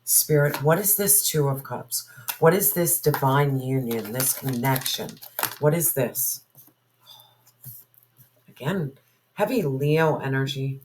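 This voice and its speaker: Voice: medium pitch, lively intonation, slow, long pauses, a little mellow, slight background noise, low-quality recording. A tarot reader giving a spoken reading to viewers, musing aloud and asking spirit questions in an intuitive way.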